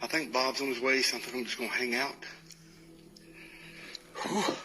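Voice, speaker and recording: A man's voice: mid-range voice, moderate pace, sharp tone, long reverb tail, soft background music. A man filming alone in an abandoned building, talking breathlessly and pleading as he investigates. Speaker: ghost hunter filming alone. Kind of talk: live paranormal investigation.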